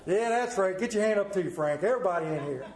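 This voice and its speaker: A man with a high voice preaches a conversational sermon, spinning folksy, humorous stories. The sound carries a roomy church echo. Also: expressive, quick pace, a little hiss or hum. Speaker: lay preacher. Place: church sanctuary.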